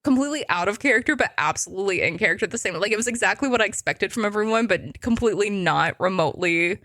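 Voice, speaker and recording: A woman's voice: mid-range voice, lively intonation, fast talker, a bit bright, dry recording, studio quality. A woman guest on a podcast, telling stories in casual chat with lots of filler words and frequent laughter.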